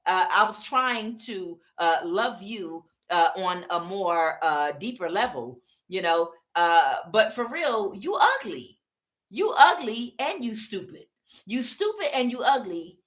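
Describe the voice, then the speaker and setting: A woman's voice: medium pitch, expressive, slow pace, fairly bright tone. A woman voicing an indignant, betrayed husband who rants mockingly at his unfaithful wife. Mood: ranting. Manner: ranting, mocking, exaggerated indignation.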